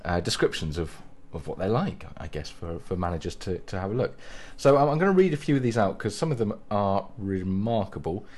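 A man co-hosting a radio show, chatting casually and rambling with many pauses and restarts. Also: low voice, big pitch swings, a little mellow. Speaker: radio co-host.

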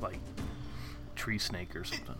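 Low-voiced hesitant male player. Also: animated, normal speed, pushed and bright, soft background music. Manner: hesitant, speaks his actions aloud. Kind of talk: casual in-character tabletop play.

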